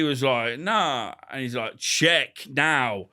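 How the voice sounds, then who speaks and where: A man's voice: medium pitch, a little slow, few pauses. A man being interviewed on a podcast, talking boastfully and crudely, swearing freely and mimicking other people's voices when he tells stories. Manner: quotes others in lively put-on voices. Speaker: podcast guest. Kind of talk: casual interview.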